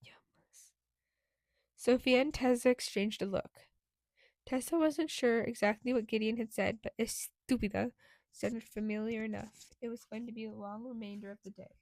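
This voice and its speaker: A woman narrating an audiobook in a steady, clear reading voice. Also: fairly high pitch, normal speed, no echo.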